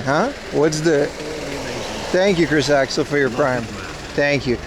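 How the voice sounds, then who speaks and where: A man's voice: a little high, a little slow, pauses often, faint music behind. A man hosting a casual livestream outdoors on a city street, joking and answering his chat as he walks. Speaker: livestream host.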